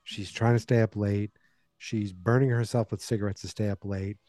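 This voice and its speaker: A man's voice: on the low side, fairly even intonation, moderate pace, dark tone, no echo. A man in his forties, a podcast host casually retelling a movie plot with wry asides.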